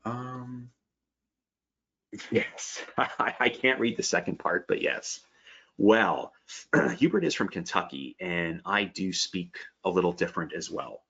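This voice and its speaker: A man's voice: low voice, takes it slowly, gravelly, a bit bright, breathy edge. A man with a slight Pennsylvania Dutch accent hosting a live webinar, chatting upbeat and answering viewer questions. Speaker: webinar host. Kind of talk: live webinar sales pitch and Q&A. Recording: dull lo-fi webinar audio.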